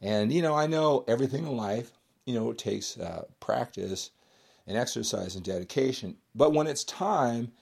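Gravelly man rambling about fitness. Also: medium pitch, animated, moderate pace, darkish tone. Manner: rambling, with many fillers and restarts. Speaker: author and former bodybuilder. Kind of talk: casual monologue.

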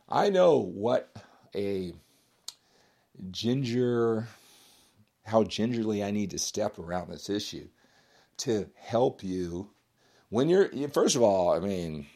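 A man's voice: on the low side, mellow, husky. A man, an author and former bodybuilder, talking in a rambling casual monologue with many fillers and restarts.

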